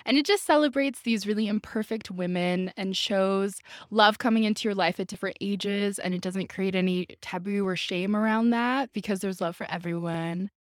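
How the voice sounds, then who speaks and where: A woman's voice: mid-range voice, moderate pace, few pauses, no room sound, clean studio sound. A young woman co-hosting a podcast in casual chat, thoughtful and earnest, saying "like" often. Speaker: podcast co-host.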